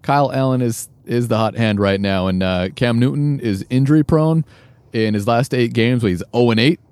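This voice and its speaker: A man of mid pitch shares his sports takes on a casual talk show. He stumbles through fillers and restarts as he talks. The recording is dry and close. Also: moderate pace, a little mellow, smooth, no echo. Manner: hesitant, lots of fillers and restarts. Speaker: co-host.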